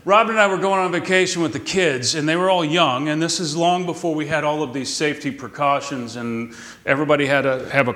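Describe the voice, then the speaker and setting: A middle-aged man from Texas preaches a sermon in a high voice. He tells folksy stories and slows down on key words for emphasis. The sound is roomy, like a church sanctuary. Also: fairly bright tone. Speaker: pastor.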